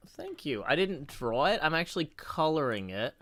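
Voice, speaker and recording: Man, casual stream chat, rambling, lots of fillers, lively up-and-down pitch. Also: brisk. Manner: rambling, hesitant, with many fillers. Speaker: streamer and host.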